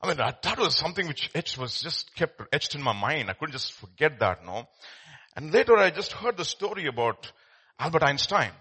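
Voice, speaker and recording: A man's voice: a little high, sing-song, moderate pace, sharp tone, husky. A man preaching a sermon as pastor, telling stories in a conversational way with many fillers and restarts.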